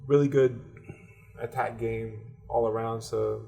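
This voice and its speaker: Mid-pitched man in relaxed podcast chat. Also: vocal fry. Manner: relaxed, quick agreeing interjections. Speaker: podcast co-host. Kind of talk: casual chat.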